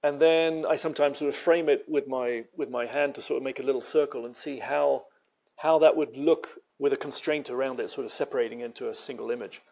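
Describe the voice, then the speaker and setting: A man's voice: mid-range voice, fairly even intonation, fairly quick, vocal fry, darkish tone, dull audio. A man with a British accent, a guest artist telling stories in a rambling, casual interview style with many restarts. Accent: British English.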